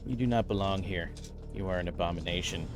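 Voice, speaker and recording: A man voicing a menacing male demon goat who rules the land, speaking slowly and coldly. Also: low voice, soft background music, lightly acted. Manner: slow, cold, commanding.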